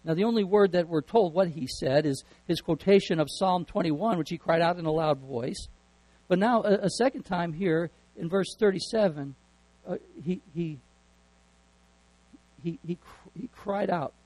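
A man's voice: sits high, moderate pace, darkish tone, no room sound, low-quality recording. Earnest preaching man, dry close sound. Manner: earnest, repeats words when building emphasis. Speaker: pastor. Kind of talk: sermon.

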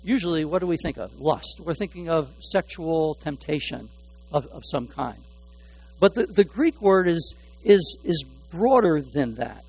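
A man preaching a sermon as pastor, often repeating words while he searches for a phrase, swinging between hushed asides and loud, stressed points. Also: on the high side, animated, measured pace, slightly rough, rough recording.

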